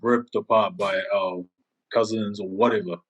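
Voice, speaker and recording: A man's voice: lowish voice, steady tone, moderate pace. A man co-hosting a podcast, chatting casually and acting out quoted voices as he tells stories. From Samoan heritage. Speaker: podcast co-host. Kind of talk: casual chat.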